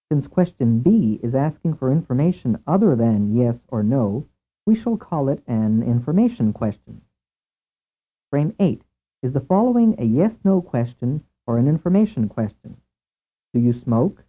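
A man narrating a scripted language lesson in a measured way, asking questions and then giving the answers. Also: mid-range voice. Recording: tinny lo-fi tape over a narrow band.

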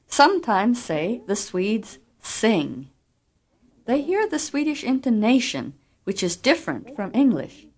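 Slow, lively-voiced woman teaching. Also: on the high side. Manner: clear, deliberate, explanatory. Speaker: language course narrator. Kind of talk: scripted instructional narration.

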